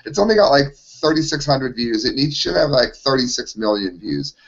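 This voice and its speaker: A man's voice: mid-range voice, sing-song, moderate pace, breathy edge. A man on a casual panel chat, riffing sarcastically on the news. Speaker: panel regular. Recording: dull lo-fi stream audio.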